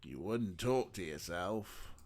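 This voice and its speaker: A man's voice: low voice, lively intonation, takes it slowly, noisy background. Rambling man streaming a game. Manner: rambling, filler-heavy musing. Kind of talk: casual let's-play commentary.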